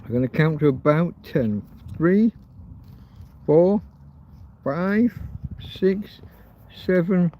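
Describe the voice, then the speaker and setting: A man's voice: on the high side, lively intonation, slow, long pauses, slight background noise. A man chatting on a rambling, casual livestream from a field, crude and swearing as he jokes around. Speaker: livestreamer cooking outdoors. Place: outdoors in a field. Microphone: phone. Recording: dull lo-fi phone audio.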